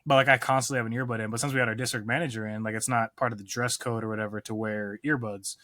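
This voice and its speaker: A young comedian man chats loosely with a podcast host, rambling and making fun of himself between laughs. His voice is bright and forceful, picked up close in a dry, dead-sounding space. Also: fairly low pitch, steady tone, racing, dry recording. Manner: rambling, self-mocking, laughs often. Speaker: comedian guest. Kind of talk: casual podcast chat.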